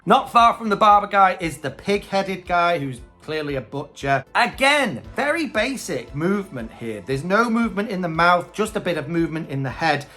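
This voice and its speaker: A male host chats through a casual review with bright, animated delivery. He hedges his opinions freely, with faint music behind. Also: sits high, moderate pace, few pauses. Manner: chatty, hesitant opinions.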